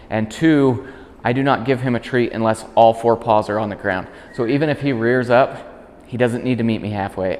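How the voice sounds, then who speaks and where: A man working as a dog trainer, explaining commands in a calm instructional demonstration. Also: in a large hall, a little hiss or hum. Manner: calm explaining, high-pitched praise to the dog.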